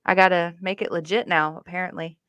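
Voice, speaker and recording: A woman co-hosting a casual podcast, playful and quick to laugh. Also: on the low side, fairly even intonation, a bit bright, clean tone, no echo. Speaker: podcast co-host. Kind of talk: casual chat.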